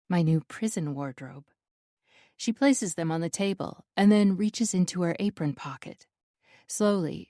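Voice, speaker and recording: Female audiobook narrator, mellow low voice, dry close studio sound, measured and tense. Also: dry recording. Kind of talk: first-person audiobook narration.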